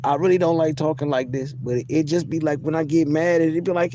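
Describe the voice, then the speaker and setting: A man's voice: fairly high pitch, brisk, hardly any pauses, mellow, a little hiss or hum. A man vlogging a casual, profane, boastful rant to his viewers from outdoors in public. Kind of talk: casual ranting monologue to camera.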